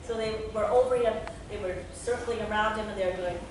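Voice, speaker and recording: A woman telling a folk tale aloud as a storyteller, animated and acting out sounds. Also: mid-range voice, fast talker. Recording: echoey room, distant mic, noisy.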